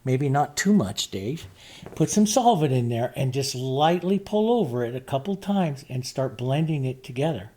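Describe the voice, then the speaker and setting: A man's voice: mid-range voice, animated, moderate pace, few pauses, warm tone. A middle-aged man teaching acrylic painting as he works, talking it through in a chatty way and often asking "see?". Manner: chatty, thinks aloud, asks "see?" often. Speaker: painting instructor. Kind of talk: demonstrating while painting.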